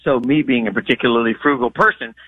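A man hosting a sports radio show, talking in a fast, energetic, casual way. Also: medium pitch, phone-quality sound, a little hiss or hum. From Nashville, US South.

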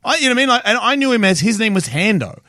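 A man's voice: high voice, big pitch swings, rapid-fire, sharp tone, dry recording. Rambling blunt Australian man, dry sound. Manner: rambling storyteller, blunt and profane. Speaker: podcast guest. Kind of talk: casual chat.

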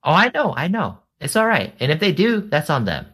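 Bright, teasing podcast man. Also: a little high, huge pitch swings, fairly quick, husky. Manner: teasing, playfully provocative. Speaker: podcast co-host. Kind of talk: casual chat.

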